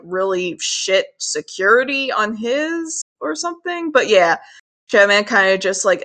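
A woman co-hosting a podcast, chatting casually about an episode, animated and swearing freely. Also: medium pitch. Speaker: podcast co-host. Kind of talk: casual recap chat.

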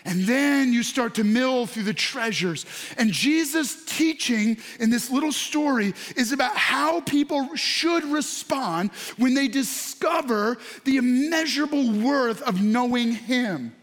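High-voiced man preaching with animated shouts. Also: unhurried. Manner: animated, bursts into excited shouts; addresses congregation and online viewers directly. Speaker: pastor. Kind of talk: sermon.

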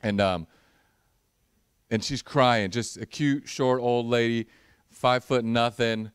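A man's voice: medium pitch, fairly even intonation, takes it slowly, clear, resonant tone, no room sound, studio quality. A man in the role of pastor, preaching a conversational sermon that mixes humorous storytelling with earnest prayer.

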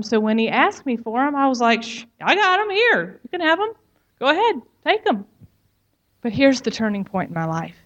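A woman's voice: a little high, highs cut off. A woman giving a personal testimony, telling her story frankly and turning to the listener with emphatic asides.

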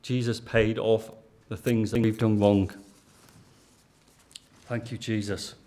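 A man's voice: fairly low pitch, level tone, slow pace, dark tone. A man with a Lancashire accent preaching a sermon in an earnest, conversational way, often putting questions to his listeners. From Lancashire, England.

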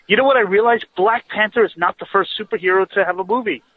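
A man's voice: high voice, fast, husky, dry recording. A man co-hosting a radio show by phone while driving, chatty and joking. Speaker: radio co-host. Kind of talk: casual radio banter. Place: driving in a car. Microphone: phone call. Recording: tinny phone line from a car.

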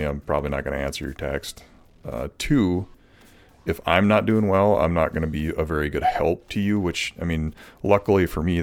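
A man hosting a solo podcast, answering listener questions in an earnest, rambling way with many fillers and restarts. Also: a bass voice. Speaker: podcast host.

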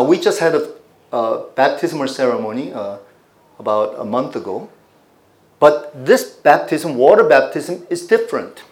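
A man's voice: a little high, echoey room. A man pastor preaching a teaching sermon, putting questions to his congregation as he explains scripture.

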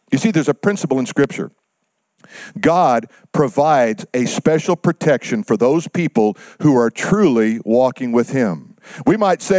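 A male pastor delivering a sermon, pausing for effect and dropping his voice low for God's words. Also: animated, a little mellow, no echo. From United States.

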